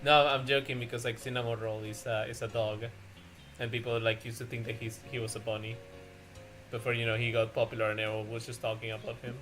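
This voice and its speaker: A man's voice: medium pitch, little pitch movement, fast talker, fairly bright tone, soft background music. A man hosting a casual art stream, chatting with friends, laughing often and rambling with restarts. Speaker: streamer host.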